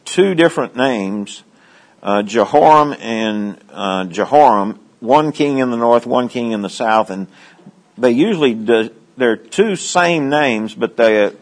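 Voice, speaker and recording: Animated man teaching a Bible passage. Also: low-quality recording. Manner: animated, joking asides, rises in pitch when reading quotes. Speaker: pastor.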